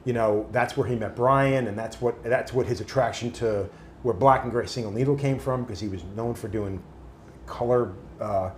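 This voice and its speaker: A man's voice: mid-range voice, moderate pace, reverberant, slight background noise. A man casually telling stories, swearing freely and acting out other people's voices. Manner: animated, swears freely, acts out quoted voices. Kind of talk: casual storytelling.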